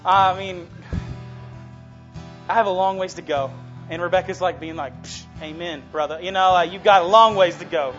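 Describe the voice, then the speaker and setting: A young man with a high, light voice preaches in a relaxed, chatty way and builds to heartfelt, passionate emphasis. The sound is dull and lo-fi, with faint music underneath. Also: normal speed. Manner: casual and earnest, swelling to passionate. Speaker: youth preacher. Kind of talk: sermon.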